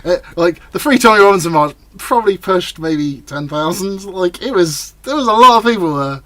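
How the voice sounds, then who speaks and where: A man's voice: high voice, lively intonation, moderate pace, fairly bright tone, no room sound. A man co-hosting a casual political chat podcast, rambling with many fillers and restarts. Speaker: podcast co-host.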